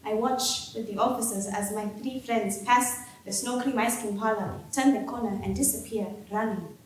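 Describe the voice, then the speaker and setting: A woman performing a dramatic first-person story in a staged reading, expressive and wry, heard in an echoey theater hall. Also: mid-range voice, moderate pace, a little hiss or hum.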